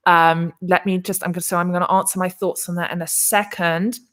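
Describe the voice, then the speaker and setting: An English woman hosts a relaxed crypto livestream from her Arizona condo, reading viewer comments aloud and chatting as she goes. Her voice sits on the low side with a level, fairly bright tone and a slightly quick pace. She rambles, restarting often and using plenty of fillers.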